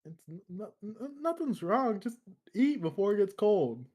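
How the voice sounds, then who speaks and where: A man's voice: sits high, sing-song, normal speed, warm tone. A man voicing a cheerful nonhuman ship cook in a tabletop role-play, easygoing and casual. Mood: evasive. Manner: easygoing, casual, evasive when pressed.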